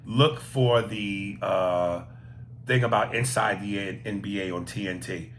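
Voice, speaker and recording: A man hosting a casual podcast, reading listener emails aloud and cracking profane jokes between them. His voice sits low but carries a bright, forceful edge, with a faint noise behind. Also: unhurried. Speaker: podcast host.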